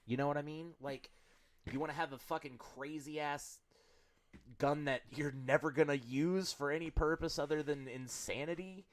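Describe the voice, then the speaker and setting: A man's voice: on the high side, normal speed, dry recording. A man co-hosting a podcast, talking in a blunt, emphatic way with plenty of swearing. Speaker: podcast co-host. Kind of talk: casual chat.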